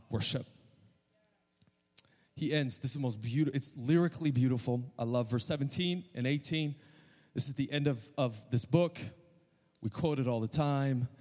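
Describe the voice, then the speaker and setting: A man preaching a sermon as pastor, animated and conversational, with humorous everyday comparisons and calls for the audience to respond. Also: medium pitch. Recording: long hall reverb with faint music.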